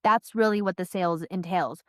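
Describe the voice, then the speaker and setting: A woman's voice: lowish voice, normal speed, a bit bright, no room sound, studio quality. A woman in her thirties, a sales trainer, telling stories animatedly and repeating phrases for emphasis as a podcast guest. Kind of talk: podcast interview, storytelling.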